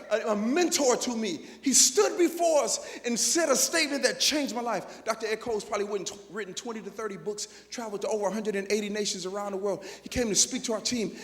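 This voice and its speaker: A man giving an energetic motivational speech to teachers, telling stories and getting the audience to call back. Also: extremely high pitch. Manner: energetic, storytelling, calls for audience response. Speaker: motivational speaker. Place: large auditorium. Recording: long hall reverb, PA system.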